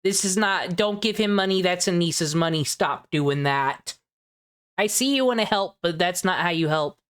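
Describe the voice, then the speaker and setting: A woman's voice: lowish voice, normal speed, smooth. A young adult woman streamer giving sarcastic, mocking commentary with profanity and mock concern. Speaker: streamer reacting to videos.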